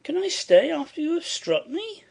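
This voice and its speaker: A woman reader voicing a timid young gentleman in an audiobook, speaking in a subdued, reproachful way. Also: high-pitched, very animated, moderate pace, vocal fry, pitched above the performer's own voice, exaggerated voice. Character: timid, genteel young man, wounded. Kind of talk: audiobook character voice.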